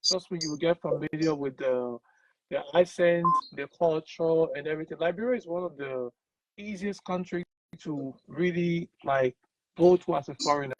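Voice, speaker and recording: A man's voice: a little high, moderate pace, lo-fi sound. A man hosting a casual interview, upbeat and encouraging, often repeating his words. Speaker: podcast host.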